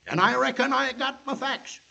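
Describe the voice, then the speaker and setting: An actor playing a stubborn, duty-bound frontier town marshal with a folksy drawl in a 1940s radio drama, in a dull old radio recording. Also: male voice, very high voice, normal speed, gravelly, pushed and bright, full character voice. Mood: stern.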